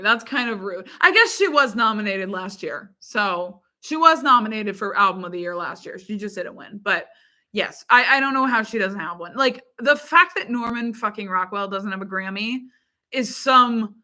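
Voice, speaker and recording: Bubbly, giggly woman with a bright voice. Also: on the high side. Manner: bubbly and giggly, many fillers like "like" and "um". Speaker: YouTuber reading viewer comments. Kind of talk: casual chat.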